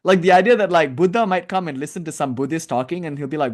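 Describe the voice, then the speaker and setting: Man, somewhat high voice, spiritual lecture, casual storytelling, animated. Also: fast. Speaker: spiritual teacher.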